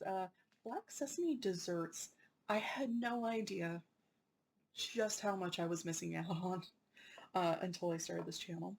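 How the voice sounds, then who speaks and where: A woman hosting her own unboxing channel, talking casually and excitedly about snacks, often apologizing and laughing. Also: mid-range voice, slight background noise, low-quality recording.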